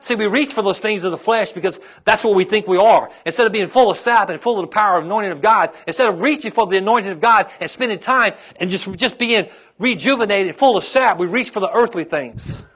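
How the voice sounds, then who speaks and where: Pastor preaching with fervor. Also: male voice, high voice, fast, few pauses, a bit bright. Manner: preaching with rising intensity, calls to the congregation. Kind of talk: sermon.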